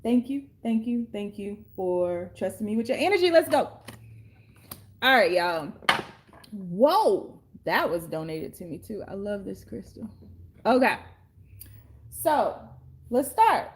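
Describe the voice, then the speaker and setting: A woman tarot card reader in a casual reading monologue, talking bluntly, sassily and with plenty of profanity in slangy, drawn-out street talk. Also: mid-range voice, lively intonation, slight background noise.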